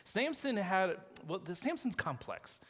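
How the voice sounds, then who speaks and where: A man preaching a sermon as pastor, retelling a story in a lively, animated way with acted quotes. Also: high voice, a little slow. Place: church sanctuary. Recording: long reverb of a church hall.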